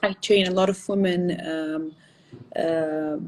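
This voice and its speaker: A woman's voice: on the low side, fairly even intonation, takes it slowly, darkish tone, low-quality recording. A woman fitness trainer answering interview questions, laughing often and using many fillers.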